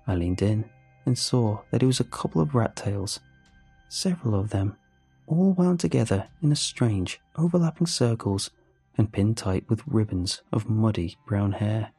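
A man narrating a first-person horror story in a measured, storytelling manner. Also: on the low side, lively intonation, dark tone, husky, no room sound, soft background music.

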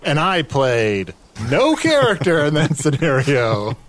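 A man trades quick jokes during a tabletop game, his voice pitched a touch high. He talks casually and sounds animated, with lots of rise and fall. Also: no echo. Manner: quick, joking asides. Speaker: player. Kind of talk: casual improvised game chat.

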